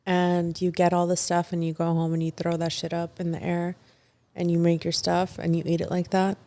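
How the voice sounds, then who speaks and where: A woman's voice: on the low side, monotone, normal speed, dark tone. A woman guest in casual podcast chat, outspoken and blunt with her opinions.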